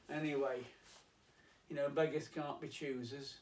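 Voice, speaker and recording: A man's voice: mid-range voice, fairly even intonation. Man reminiscing in an echoey room. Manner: reminiscing, unhurried, with fillers. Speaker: storyteller and pianist. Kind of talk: casual storytelling. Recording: roomy, distant, faint piano.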